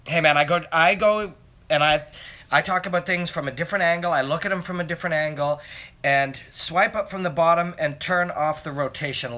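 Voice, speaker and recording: Guy rambling on a phone livestream, reads chat and answers, fairly high bright voice. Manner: rambling, answers viewer comments as he reads them. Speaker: MMA analyst hosting a live Q and A. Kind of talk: casual live-stream chat. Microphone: phone camera.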